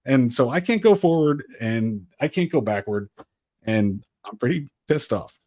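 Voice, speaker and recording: Casting: man, podcast co-host, animated exasperated storyteller, dry close mic. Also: mid-range voice, a little slow, no echo. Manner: animated, exasperated retelling with acted quotes. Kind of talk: casual storytelling.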